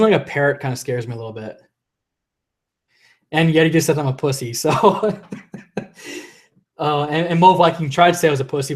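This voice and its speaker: A man's voice: medium pitch, darkish tone. A young man hosting a live stream and reading viewer comments aloud. He rambles, restarts his sentences, laughs often, and is losing his voice. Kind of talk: casual live-stream chat.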